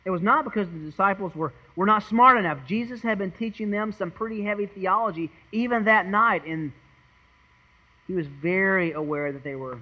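High-voiced man preaching an earnest sermon. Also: highs cut off. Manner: earnest, dramatic, swings from loud to hushed; repeats and restarts words. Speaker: pastor. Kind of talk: expository sermon.

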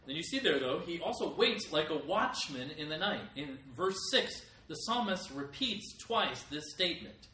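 A man's voice: on the high side, big pitch swings, moderate pace, few pauses, sharp tone, a little hiss or hum. A middle-aged man preaching a sermon as pastor, with emphatic rises in volume. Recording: echoey room, voice from a distance.

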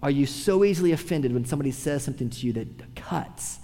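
A man preaching a sermon, swinging from a raised voice to hushed, quiet tones. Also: medium pitch, quick pace, big-room sound. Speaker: pastor.

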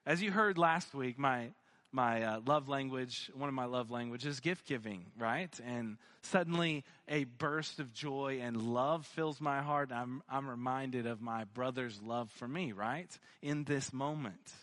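Man, pastor, slow deliberate sermon, bright ringing tone, storytelling. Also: mid-range voice. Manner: storytelling, building to fervent emphasis.

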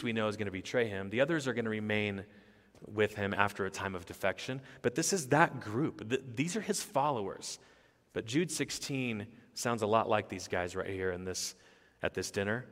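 A man's voice: mid-range voice, fairly bright tone. A man in his thirties delivers a sermon in a church sanctuary, his mid-range voice trailing off into a long hall reverb. He talks earnestly and conversationally, building to emphatic bursts. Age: 30s. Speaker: pastor. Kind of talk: expository sermon.

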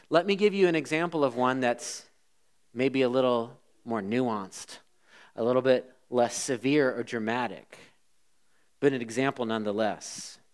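A man preaching a sermon as a pastor, swinging between loud emphasis and hushed asides. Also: mid-range voice.

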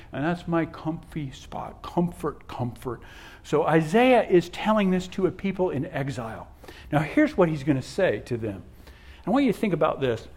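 A pastor delivers his sermon in a slightly raised male voice. He leans on repeated words and swings between loud emphasis and hushed asides. Homey anecdotes run through his preaching. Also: on the high side. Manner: folksy storytelling asides.

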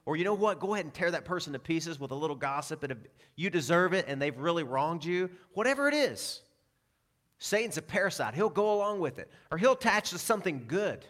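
A man preaching a sermon as pastor, telling personal stories with self-deprecating asides and dropping to a hushed tone for scripture. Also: a little high, very animated, fairly quick.

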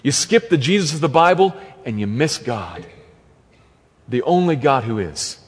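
A man's voice: mid-range voice, very animated, a little slow, slightly rough. A man preaching an expository sermon as pastor, emphatic and repeating key phrases for stress. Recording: long reverb of a large hall.

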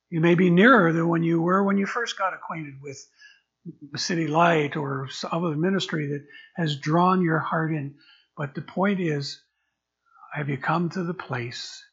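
An older man preaching in a husky, slightly breathy voice that sits fairly high for a man. He talks conversationally from the pulpit and often repeats words as he gropes for a phrase. The recording is dull and lo-fi. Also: fairly bright tone. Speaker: pastor. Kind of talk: sermon.

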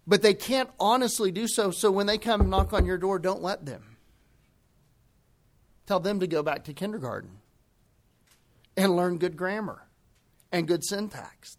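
A man preaching a sermon, emphatic, slowing down to press home key phrases. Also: high-pitched, a bit bright.

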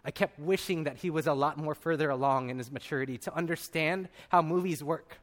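A man in his thirties preaching a sermon as a pastor, telling a personal story with animated delivery and acted-out voices. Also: on the high side, brisk.

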